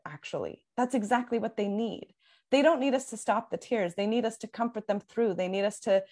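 Earnest woman explaining parenting calmly. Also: medium pitch. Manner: earnest, explanatory, with frequent fillers and restarts. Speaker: parenting coach. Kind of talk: casual podcast conversation.

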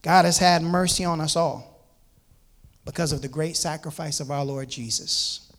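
In a sermon, a man whose voice is on the high side and a bit bright speaks at a moderate pace. He reads passages of scripture aloud and comments on them for his audience, often repeating words and starting over, and addresses listeners as "man."

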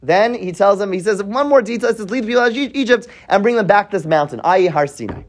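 Male Torah teacher, lively pitch, quizzes the class, restarts thoughts mid-sentence. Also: fast. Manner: asks the class questions, thinks aloud with restarts. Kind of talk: weekly Torah portion class.

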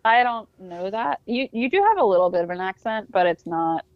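Woman host, low gravelly voice, lots of ums, dry dull lo-fi sound. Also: fairly quick, no echo. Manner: relaxed, hesitant with fillers, laughs easily. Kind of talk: casual podcast chat.

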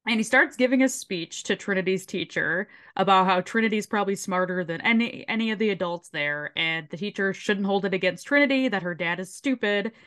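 A woman's voice: mid-range voice, fairly quick, few pauses. Woman co-host recapping an episode. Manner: swearing, laughing, animated retelling. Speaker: podcast co-host.

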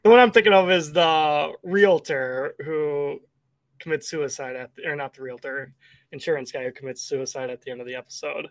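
A man's voice: on the high side, moderate pace, no room sound. Guy podcast cohost, kinda rambly, fixes himself mid sentence, dry close sound. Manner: relaxed, rambling, self-correcting. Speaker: podcast co-host. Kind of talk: casual chat.

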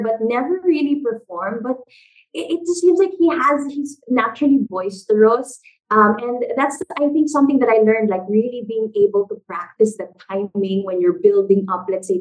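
A woman's voice: on the high side, poor audio. A young adult woman, a theater company founder talking as a guest in a casual interview, telling stories animatedly with many fillers. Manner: animated storyteller, lots of fillers like "like" and "you know".

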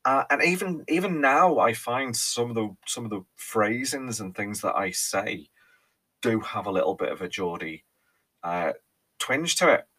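A man with a low, deep voice and a Merseyside accent talks alone into his podcast mic. He rambles in a chatty way, repeating words and filling pauses with ums. He sounds like a man in his thirties. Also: expressive, sharp tone, slightly rough. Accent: Merseyside with a faint Cheshire lilt. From Ellesmere Port, England. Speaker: podcast host. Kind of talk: casual solo podcast monologue.

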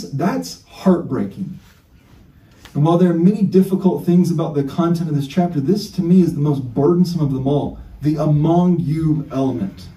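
A man's voice: on the high side, mellow, distant mic. Earnest man preaching in an echoey church. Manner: earnest, emphatic preaching with rhetorical questions. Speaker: pastor. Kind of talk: sermon.

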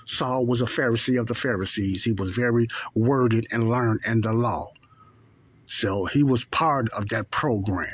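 A man giving informal Bible teaching in a plainspoken, conversational way, slowing down to repeat key phrases for emphasis. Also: mid-range voice, husky. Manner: plainspoken, conversational, checks in with "okay".

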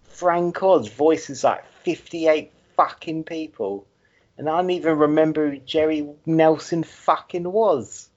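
A man's voice: on the high side, unhurried, a little mellow, muffled recording. A man ranting and joking in casual podcast banter, swearing often and laughing a lot. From England. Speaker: podcast co-host.

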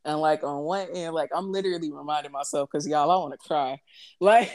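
A young woman hosting a casual chat, telling animated stories with many fillers. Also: sits low, brisk. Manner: animated storytelling, frequent fillers.

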